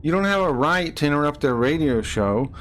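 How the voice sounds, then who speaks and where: A man's voice: on the high side, animated, fairly quick, slight background noise. A man streaming live, ranting angrily at people in his chat, swearing and repeating himself. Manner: angry, profane, repeats himself, rising to shouts.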